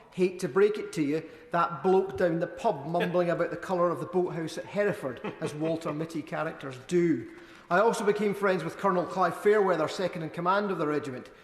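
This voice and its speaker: Brief: male MP, fairly high voice, wry measured oratory, echoey chamber with long reverb. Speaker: member of parliament. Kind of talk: parliamentary debate speech. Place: debating chamber.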